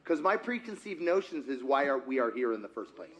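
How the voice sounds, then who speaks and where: A man's voice: mid-range voice, very animated, fairly quick, a bit bright. A man preaching an interactive sermon who talks with his congregation and acts out conversations with God. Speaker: pastor.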